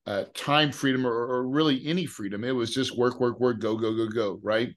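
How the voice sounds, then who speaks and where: A man's voice: mid-range voice, normal speed. Middle-aged man, podcast guest, casual emotional storyteller, mid-range voice, lots of "right?". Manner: casual, repeats words, often asks "right?". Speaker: guest, real estate investor.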